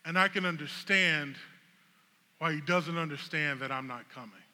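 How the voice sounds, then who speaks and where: A man, a pastor, telling a funny, animated story as a sermon illustration. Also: on the high side, moderate pace. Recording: long reverb of a large hall.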